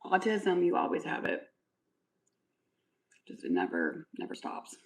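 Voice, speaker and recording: A woman's voice: on the low side, huge pitch swings, unhurried, vocal fry, rough recording. A woman chatting casually on a livestream, answering comments in a sarcastic, mock-sweet way. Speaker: livestreamer with a son.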